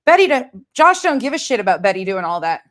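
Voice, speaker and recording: A woman's voice: mid-range voice, very animated, quick pace, a bit bright. A woman hosting a recap commentary, blunt, sarcastic and profane. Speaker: commentary host. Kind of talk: recap commentary over played clips.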